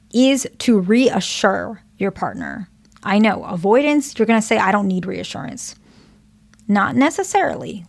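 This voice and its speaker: A woman's voice: mid-range voice, creaky. A woman therapist giving relationship advice, explaining patiently and checking in often with "okay?" and "right?". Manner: explains patiently with example dialogues. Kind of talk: advice monologue to camera.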